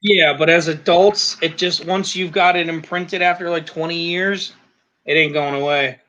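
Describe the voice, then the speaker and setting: A man's voice: fairly high pitch, fairly even intonation, moderate pace, pushed and bright. A man from Alabama with a Northeastern US accent, hosting a casual chat and trading joking jabs. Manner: teasing, joking banter. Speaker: channel host. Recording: muffled lo-fi sound.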